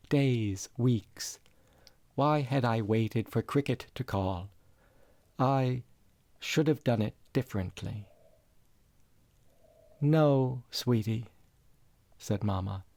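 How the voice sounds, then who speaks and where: A man reading a literary story aloud as narrator, quiet, measured and reflective. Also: mid-range voice, no echo.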